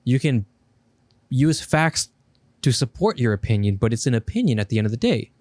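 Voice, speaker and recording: Animated, lively-voiced podcast guy. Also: mid-range voice, moderate pace, no echo. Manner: animated, laughs often, repeats himself. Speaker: podcast co-host. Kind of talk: casual chat.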